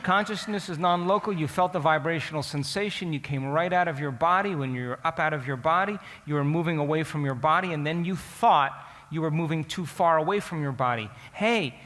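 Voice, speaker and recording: An animated man tells a story to a live audience, his voice bright and forceful with a slightly higher pitch. He keeps drawing the listeners in with questions. A long reverb trails behind each phrase, as in a large hall. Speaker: speaker addressing an audience. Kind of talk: storytelling lecture.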